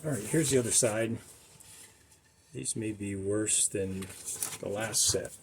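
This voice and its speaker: A middle-aged man with a fairly low voice talks casually through a car restoration job, rambling into asides and small self-deprecating jokes. The recording carries clear background noise from the workshop around him. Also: slow pace.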